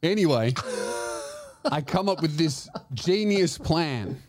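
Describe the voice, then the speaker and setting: Animated storytelling man. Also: a little high, takes it slowly. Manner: animated, swears, acts out quoted voices. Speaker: podcast host telling a story. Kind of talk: comedic storytelling.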